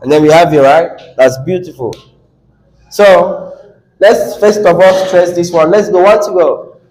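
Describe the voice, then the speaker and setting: A man's voice: high voice, a little slow, darkish tone, poor audio. A man with a Nigerian English accent teaching a classroom lesson on word stress, coaxing the class, repeating words and asking questions.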